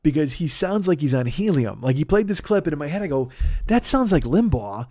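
A man's voice: a little high, lively intonation, fast talker, mellow, no echo, studio quality. Rambling, profane male podcast host. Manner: rambling, profane, self-interrupting. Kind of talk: casual podcast monologue, sponsor plug.

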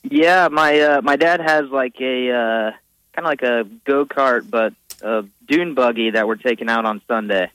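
A man's voice: mid-range voice, measured pace, a bit bright, clear, resonant tone, no room sound, rough recording. A young married man calling in to a radio show, talking hesitantly with many fillers. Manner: hesitant, lots of ums. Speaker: caller. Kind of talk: phone-in chat.

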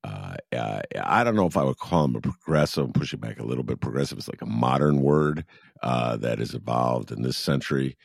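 A man's voice: extremely low pitch, expressive, brisk, vocal fry, dry recording, clean studio sound. A man hosting an interview, laughing easily and talking with many fillers and restarts. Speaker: interview host. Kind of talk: conversational interview.

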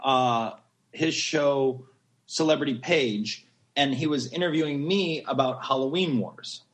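A man in his thirties, a podcast guest, telling a story in a casual, animated, gushing way and acting out the quotes. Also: medium pitch, measured pace.

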